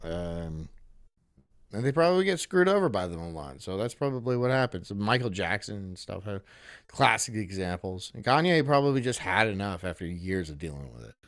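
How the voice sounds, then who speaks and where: A man's voice: on the low side, sing-song, normal speed, fairly bright tone. A man streaming casually, reading chat and rambling through crude jokes that he often laughs at himself.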